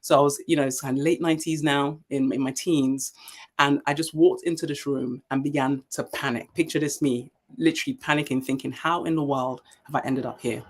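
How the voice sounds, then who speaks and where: Interview guest: a woman in her forties from Nigeria, leadership speaker, emphatic storyteller with a low voice. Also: fairly quick. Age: 40s. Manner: emphatic, animated storytelling with many fillers.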